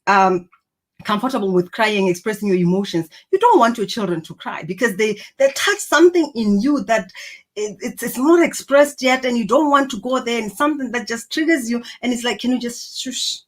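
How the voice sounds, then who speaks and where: A woman's voice: on the high side, animated, fairly quick. Woman, motivational talk, earnest, encouraging, reflective. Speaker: personal growth speaker.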